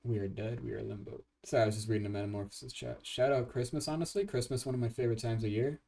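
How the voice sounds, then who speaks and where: A young man chatting on his own livestream, rambling and excitable, with lots of swearing and false starts. His voice sits at an ordinary middle pitch. He sounds a little back from his desk mic. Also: racing, gravelly, recorded from a distance, a little hiss or hum. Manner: rambling, excitable, swears a lot, many restarts. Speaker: livestream host and game composer. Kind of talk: casual livestream chat.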